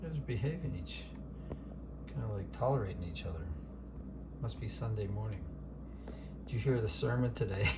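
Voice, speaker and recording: A man watching birds, talking to them softly and teasing them in a casual way. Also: fairly low pitch, brisk, long pauses, very noisy. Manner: soft, teasing, talks to birds. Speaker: backyard bird watcher. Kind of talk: casual talk to animals.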